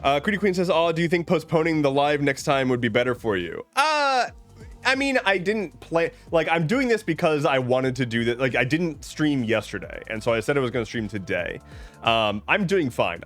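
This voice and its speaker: A man's voice: medium pitch, fairly bright tone. A man streaming live, reading out chat messages and answering in a rambling, joking way with many restarts. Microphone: webcam setup at home.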